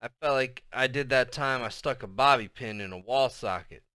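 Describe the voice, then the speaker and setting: A man narrating a novel in the first person with a bright, crisp voice in a dry, close recording. His storytelling is expressive, sinking soft and low when the tension builds. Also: moderate pace, no echo. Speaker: audiobook narrator.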